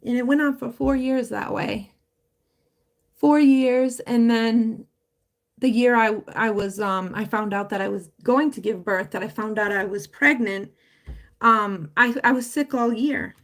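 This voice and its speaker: A woman's voice: a little high, unhurried. A woman talking casually on a live stream about her home business, rambling and heartfelt with many fillers and restarts, her voice wavering with emotion. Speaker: livestreamer promoting a home business.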